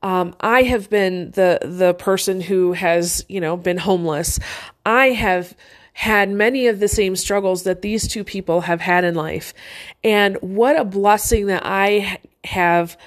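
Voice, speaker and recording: A woman's voice: medium pitch, steady tone, measured pace. A middle-aged woman casually telling a personal story, chatty and earnest, with many fillers and restarts.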